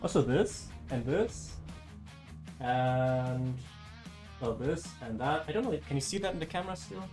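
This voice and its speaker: A man's voice: medium pitch, animated, a little slow, a little mellow, soft background music. A man with a German accent, a native German speaker, chatting casually with his viewers while streaming a game, answering them aloud with frequent restarts. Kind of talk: casual live-stream chat.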